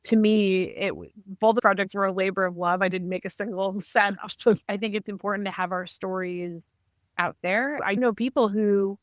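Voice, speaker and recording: A woman of middle pitch speaks as a podcast guest, recounting her family history with lively, animated delivery. Her voice sits close and dry on the mic with no room around it. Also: moderate pace, dry recording. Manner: animated, acts out quoted dialogue. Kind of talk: conversational storytelling.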